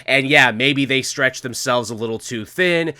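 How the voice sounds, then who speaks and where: A man hosting a comics podcast in casual chat, animated and joking, with the odd swear word. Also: medium pitch, moderate pace. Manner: animated, swearing, playful put-on quotes. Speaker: podcast host.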